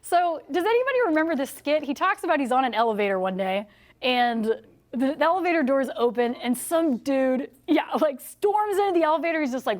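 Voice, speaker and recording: Woman, young adult, sales trainer, motivational speech, slightly high voice, animated, profane, laughs often. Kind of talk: motivational speech to a live audience.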